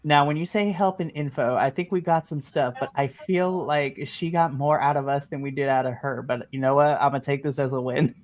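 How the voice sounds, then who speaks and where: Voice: medium pitch, brisk, hardly any pauses, voice pushed down, lightly acted. A jittery teenage boy who keeps hedging and trailing off mid-thought, as a game master puts him on. He rambles in loose, unsure bursts of casual tabletop role-play talk. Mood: flustered. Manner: hesitant, trailing off with "I guess".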